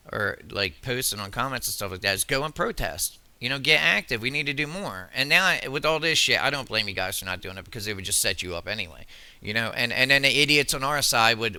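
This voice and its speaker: A man's voice: medium pitch, pushed and bright, clear, resonant tone, no room sound. A man delivering an angry, heated commentary rant, swearing often and stumbling over restarts. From United States. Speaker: political commentary vlogger.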